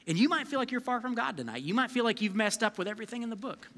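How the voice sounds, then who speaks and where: Bright high-voiced pastor in a hall. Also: male voice, very fast. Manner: energetic, conversational, calls on the crowd to respond. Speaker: youth pastor. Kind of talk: live sermon. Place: church service hall. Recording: long reverb of a large hall.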